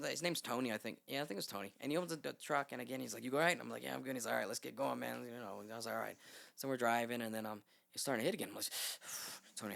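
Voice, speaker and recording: Fast-talking gravelly man telling a story. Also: medium pitch. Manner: rambling, animated, swears freely, acts out quotes. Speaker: podcast guest. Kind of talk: casual storytelling. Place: podcast studio.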